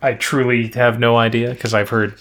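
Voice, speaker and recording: A man co-hosting a casual podcast, relaxed, recapping quiz show clues and scores in detail. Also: medium pitch, normal speed. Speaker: podcast co-host.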